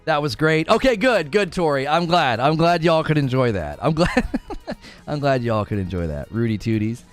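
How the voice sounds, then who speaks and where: A man in his thirties hosting a casual livestream, reading viewer messages and chatting with a playful, animated delivery. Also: normal speed, faint music behind. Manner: animated, laughs often, playfully mock-quotes people in a high voice. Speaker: livestream host.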